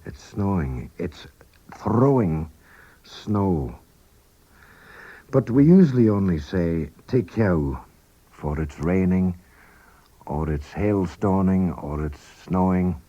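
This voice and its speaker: A man presenting a scripted radio language lesson. He speaks carefully and repeats each phrase slowly, then at normal speed. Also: low-pitched, animated, dark tone, husky. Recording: dull 1980s radio recording.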